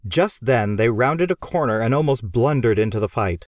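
Man narrating an expressive audiobook. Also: medium pitch, moderate pace, no room sound. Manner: lively, expressive storytelling.

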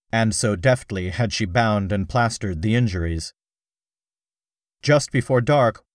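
A man's voice: mid-range voice, no room sound, clean studio sound. Man reading an adventure audiobook. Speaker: audiobook narrator. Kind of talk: scripted first-person narration.

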